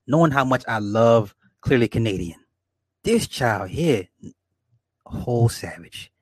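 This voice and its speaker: Brief: man, 40s, livestream host, casual and profane, laughs a lot, mid pitch, dry close sound. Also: lively intonation, measured pace, slightly rough, no echo. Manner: rambling, profane, laughs often, talks to viewers. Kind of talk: casual livestream chat, reading comments.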